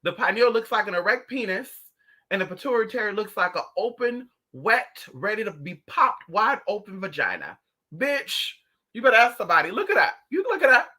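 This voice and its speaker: Animated, bright-voiced livestream host. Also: medium pitch, a little fast. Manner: animated, profane, gossipy storytelling; talks straight to viewers. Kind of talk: casual livestream chat.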